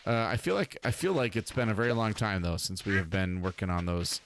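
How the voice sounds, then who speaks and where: A man's voice: lowish voice, brisk, a bit bright, slight background noise. A man hosting a casual let's play, chatting in a rambling, talkative way and laughing often. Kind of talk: casual gameplay commentary.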